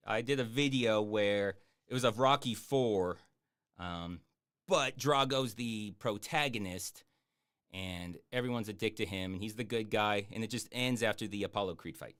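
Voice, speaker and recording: A man chatting casually on a live stream, answering viewer questions in a rambling, jokey way with lots of fillers and deadpan boasts. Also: lowish voice, moderate pace, smooth. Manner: hesitant with many fillers. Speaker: YouTube streamer answering chat.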